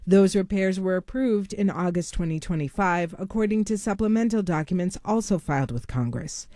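A woman news correspondent giving a measured, factual radio report. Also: medium pitch, warm tone, no echo, studio quality.

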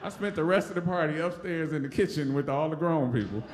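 A man with a Detroit accent telling a story live on stage, animated, acting out voices and laughing often. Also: a little high, fast, reverberant, noisy background.

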